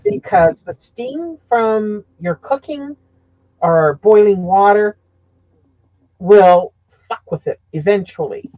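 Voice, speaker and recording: Here a woman joins a casual chat as a guest, rambling and stopping to hunt for the right words. Her voice comes over a muffled, lo-fi line that sounds dry, at an ordinary pitch. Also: animated, slow, no echo.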